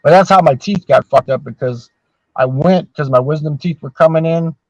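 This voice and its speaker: A man's voice: fairly high pitch, normal speed, no room sound. Profane older man spinning rambling stories. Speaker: podcast host. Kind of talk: casual storytelling chat. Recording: dull, dry sound.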